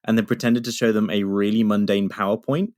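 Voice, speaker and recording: A man's voice: on the low side, little pitch movement, a little fast, darkish tone, no room sound, clean studio sound. A young man co-hosting a podcast, telling stories in a rambling way with many restarts. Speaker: podcast co-host. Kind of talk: casual chat.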